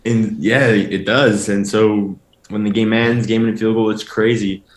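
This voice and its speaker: Young male guest, low-ish voice, rambling casual storyteller, roomy echo. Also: steady tone, unhurried. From family from Mexico. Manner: rambling, full of "like" and restarts. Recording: echoey room.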